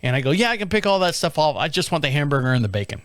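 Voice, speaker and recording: A man tells a casual story on his own show, lively and laughing as he acts out the people in it. His voice sits a little high for a man. It is recorded close and dry. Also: very fast, no room sound. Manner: animated, acts out quoted voices, laughs often. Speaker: podcast host.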